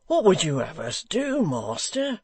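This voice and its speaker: A man voicing a rough, impetuous young rioter who shouts loudly, with a gravelly edge. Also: a little high, sing-song, unhurried, no room sound, heavily acted. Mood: angry.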